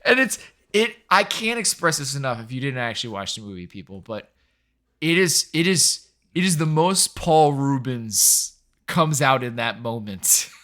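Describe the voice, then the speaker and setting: A man's voice: medium pitch, lively intonation, moderate pace, pushed and bright. A man co-hosting a casual film review podcast, chatty and enthusiastic. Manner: enthusiastic, chatty, agreeing often. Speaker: podcast co-host.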